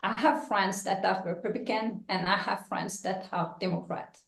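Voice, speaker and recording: A woman's voice: mid-range voice, fairly even intonation, moderate pace, gravelly. A woman running for local office, giving an impassioned, joking and blunt campaign speech at a meeting. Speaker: political candidate. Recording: echoey meeting room.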